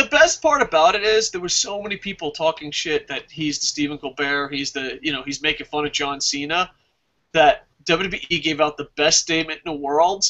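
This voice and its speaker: A man hosting a casual wrestling review podcast, talking excitably with lots of swearing and reading out live chat comments. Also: a little high. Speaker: podcast host. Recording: dull lo-fi podcast audio.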